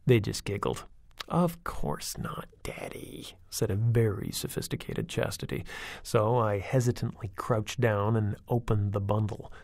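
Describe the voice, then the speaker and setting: Brief: gravelly male narrator, dry close mic, wry storybook delivery. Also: on the low side, little pitch movement, moderate pace, a little mellow, no echo. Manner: wry, conversational first-person storytelling. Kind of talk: audiobook reading of a horror story.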